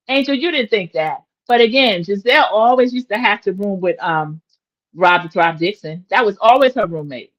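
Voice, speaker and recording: A woman's voice: a little high, dull audio. A woman in her forties chatting opinionatedly as she recaps a reality TV episode for her viewers. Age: 40s. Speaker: recap host.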